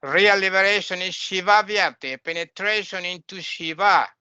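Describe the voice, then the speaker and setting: A man's voice: sits high, normal speed, bright, forceful tone, smooth, dry recording, dull audio. A man teaching a spiritual lecture, explaining terms patiently and asking his listeners questions.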